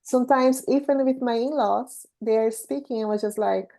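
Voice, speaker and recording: Brazilian woman, native Portuguese speaker, host, higher mellow voice, measured and thoughtful. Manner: thoughtful, measured explaining with fillers. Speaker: interview host. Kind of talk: casual chat.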